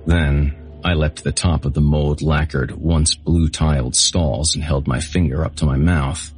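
A man narrating a first-person audiobook in a flat, matter-of-fact way. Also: extremely low pitch, unhurried, breathy edge, soft background music.

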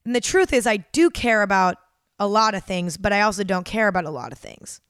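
A woman's voice: mid-range voice, expressive, a little fast, a bit bright, smooth, no echo, studio quality. A young woman hosting her own podcast, talking candidly and casually, with lots of "like" and frequent swearing. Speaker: podcast host. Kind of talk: casual confessional monologue.

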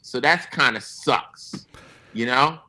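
A guest musician with a mid-range voice takes his time in an interview, relaying stories in a relaxed, foul-mouthed way and animatedly mimicking others' words. The audio quality is poor.

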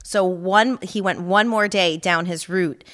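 A woman's voice: on the low side, steady tone, unhurried, a bit bright. Chatty woman co-hosting a podcast. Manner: chatty storytelling, many fillers. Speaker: podcast co-host. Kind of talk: casual podcast chat.

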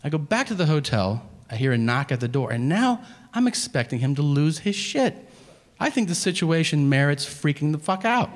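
A man's voice: fairly high pitch, very animated, normal speed, in a large hall. A man doing stand-up storytelling on stage, profane and exasperated, with sarcastic asides. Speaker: stand-up comedian. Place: comedy venue stage. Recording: live stage with background noise.

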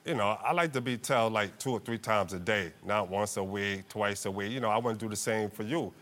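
A man testifying as a husband in a TV court case, playful and animated as he tells his story. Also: fairly low pitch, brisk. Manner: playful, animated storyteller who laughs a lot.

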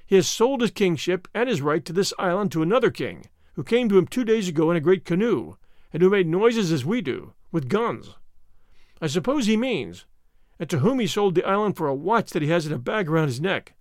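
A man's voice: high voice, sing-song, fairly quick, no echo, studio quality. A man voicing a humble, gloomy young male interpreter in an audiobook, speaking plaintively with sighs. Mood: glum. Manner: plaintive, sighing. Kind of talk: audiobook character reading.

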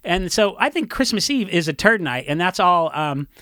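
A man from Orange County, a punk musician, telling rambling, animated stories in a casual interview and acting out what others said. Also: high-pitched, normal speed, no room sound, studio quality. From Orange County, California. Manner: rambling, animated storytelling with acted-out quotes.

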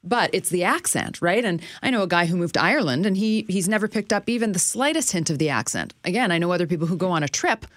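A woman co-hosting a radio chat, explaining a topic in a measured way. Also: on the low side, animated, no room sound, clean studio sound. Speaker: radio co-host. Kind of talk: casual studio chat.

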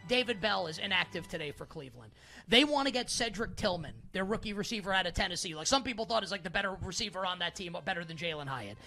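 Quick-paced and animated, the male host of a sports betting talk show has a high-pitched voice with a sharp edge. He meanders along casually, leaning heavily on "like" and teasingly calling himself by a fake royal title.

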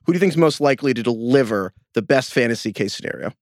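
A man co-hosting a casual sports podcast, talking in an animated, rambling, joking way. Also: medium pitch, fast, dry recording, studio quality. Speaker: podcast co-host. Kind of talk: casual chat.

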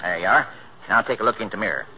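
A man's voice: lowish voice, animated, rapid-fire, slightly rough. A man playing a genial small-town tailor in a 1940s radio comedy, speaking in a folksy drawl with rural grammar. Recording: dull, hissy vintage radio broadcast.

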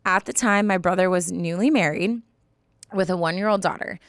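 A woman's voice: on the low side, moderate pace, dry recording. A woman in her twenties co-hosting a podcast, chatting casually with many restarts and fillers. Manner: rambling, many restarts and likes. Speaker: podcast co-host. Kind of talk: casual chat.

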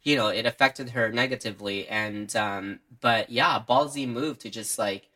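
A man's voice: mid-range voice, normal speed, sharp tone. A man co-hosting a podcast, chatting playfully and often trailing off. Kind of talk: casual chat.

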